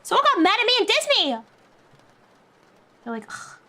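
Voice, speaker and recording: A young woman streamer chats casually with her viewers long past bedtime, tired but quick to giggle. Her voice sits high and bounces all over the place. A faint hum of room noise runs underneath. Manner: giggly, animated, often laughs. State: tired, up very late. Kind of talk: casual late-night stream chat with chat.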